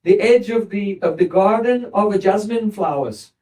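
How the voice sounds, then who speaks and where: A man playing a proud young cowherd girl in a retold sacred story, answering with a quiet boast. His own warm, high voice carries her, heard from some distance from the mic. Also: normal speed, close to an everyday voice. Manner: proud, defensive.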